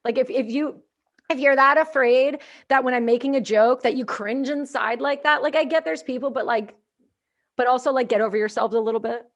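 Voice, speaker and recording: Animated woman podcast host. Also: high-pitched, brisk, dull audio. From Canada. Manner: animated storyteller, acts out quotes, swings loud. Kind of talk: casual podcast chat.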